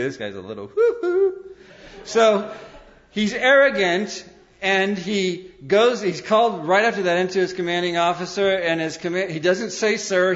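A man preaching a sermon, telling stories and acting out quotes in an animated way. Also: sits high. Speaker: pastor. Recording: dull lo-fi sermon recording.

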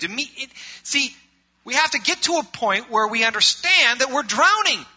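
A middle-aged male pastor preaching a sermon, swinging from loud emphatic preaching to quiet conversational asides. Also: very high-pitched, very animated, unhurried, breathy edge. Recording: muffled lo-fi recording.

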